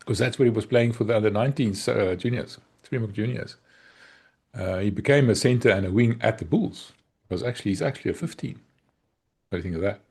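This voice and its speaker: Husky South African man, casual chat. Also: fairly low pitch, a little fast, darkish tone. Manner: teasing, chatty, laughs often. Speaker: podcast co-host.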